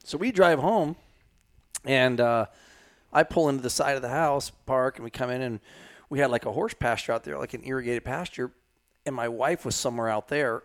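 A man's voice: medium pitch, moderate pace. A man casually telling a long story on a podcast, rambling with lots of fillers and restarts. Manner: rambling, many fillers and restarts, laughs often. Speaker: hunting guide telling a story.

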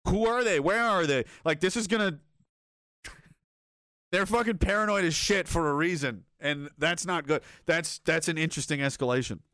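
A North American man with a fairly high, fairly bright voice talks at a moderate pace, recorded dry with studio quality. He's a streamer reading chat, rambling casually, swearing freely, chuckling often and restarting his sentences.

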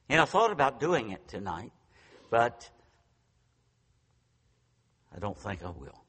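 A man's voice: on the low side, fairly bright tone. A man in his sixties preaching a storytelling sermon, folksy and self-deprecating. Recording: long reverb from a large hall.

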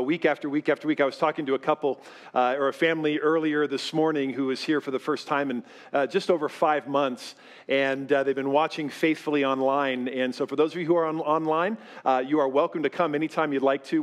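In a church sanctuary with a live congregation, a fifty-year-old pastor preaches a sermon in a loose, self-deprecating style packed with fillers. His medium-pitched voice is steady in tone and brisk in pace.

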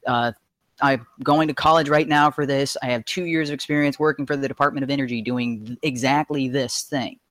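A man calling in to a live show, talking fast and emphatically with frustration and profanity. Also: medium pitch, steady tone, a bit bright, no echo, studio quality. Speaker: caller. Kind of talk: heated call-in rant.

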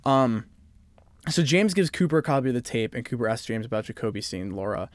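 A man's voice: mid-range voice, a little fast, no echo. Man casually recapping a TV episode. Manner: animated, recaps plot then riffs. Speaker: podcast co-host.

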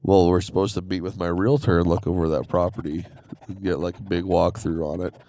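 Deep-voiced man chatting earnestly. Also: fairly even intonation, dark tone. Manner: earnest, laughs easily, halting restarts. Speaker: podcast co-host. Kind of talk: casual chat.

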